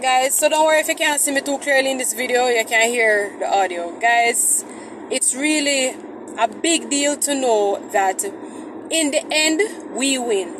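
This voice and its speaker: A woman hosting a Christian vlog, talking chattily to viewers from her car in traffic. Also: high-pitched. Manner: chatty, preachy, addresses viewers as guys. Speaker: vlog host. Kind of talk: casual Christian vlog talk.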